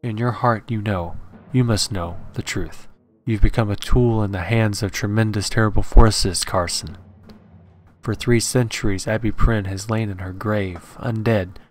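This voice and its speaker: Man doing a calm, ominous occult scholar. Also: on the low side, close to an everyday voice. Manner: calm, solemn warning.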